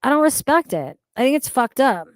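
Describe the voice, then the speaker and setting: A woman's voice: high-pitched, big pitch swings, a little fast, no echo, studio quality. A woman streaming live, reading chat comments aloud and reacting in a blunt, profane, exasperated way.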